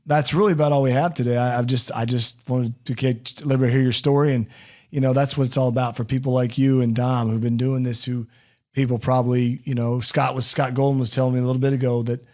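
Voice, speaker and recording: A man hosting a relaxed interview podcast, with a voice sitting in an ordinary middle pitch. He jokes, rambles and laughs at his own jokes in a loose, chatty style. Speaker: podcast host. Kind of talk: casual interview chat.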